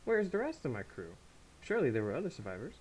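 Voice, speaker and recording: A fierce, vengeful sky pirate captain who lost her crew, read aloud by a man in his plain voice with no accent. The delivery sits at a middle pitch. A faint hiss runs under the recording. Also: wildly swooping pitch, fast, poor audio. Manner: reading game dialogue aloud, no accent attempted.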